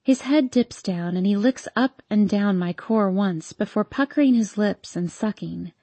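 A woman reading a first-person romance audiobook in a steady, even voice. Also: medium pitch, a little slow, no room sound. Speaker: audiobook narrator.

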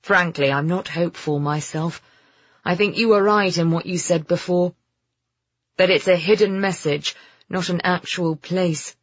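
A man's voice: high-pitched, fairly even intonation, unhurried, a bit bright, no room sound, dull audio. A narrator voicing a polite, shy young man in an audiobook, close to the narrator's own voice. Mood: earnest. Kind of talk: audiobook character voice.

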